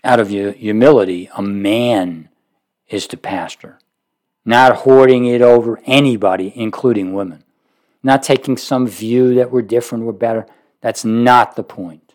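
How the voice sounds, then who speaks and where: A man preaching a sermon, speaking emphatically with sudden rises and low drops. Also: steady tone, normal speed. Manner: emphatic, rising to forceful peaks then dropping low.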